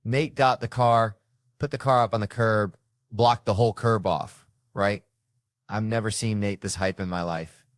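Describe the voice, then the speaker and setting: A man doing a loud, animated, profane stand-up story rant. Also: fairly low pitch, normal speed, no echo, clean studio sound. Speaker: comedian.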